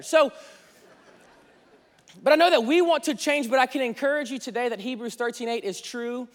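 A man in his thirties, a pastor, preaching an energetic sermon with lots of jokes in a large church. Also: very high-pitched, fairly quick. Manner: energetic, joking. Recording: long hall reverb, faint music.

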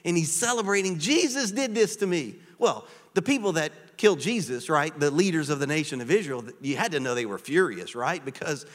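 A man preaching a sermon as pastor, animated and conversational, with frequent rhetorical questions to the congregation. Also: a little high, fairly quick, hardly any pauses. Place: church sanctuary. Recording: church hall with long reverb.

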